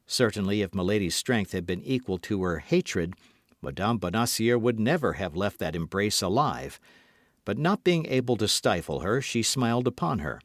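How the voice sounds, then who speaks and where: A man narrating a classic novel as an audiobook with an expressive reading. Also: fairly low pitch, moderate pace, no room sound, studio quality. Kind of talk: scripted narration.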